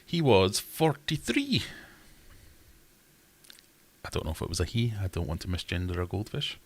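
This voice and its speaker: This low-voiced man in his twenties hosts a livestream quiz, reading the questions aloud in a casual, jokey, self-mocking way. He talks rapid-fire with a breathy edge.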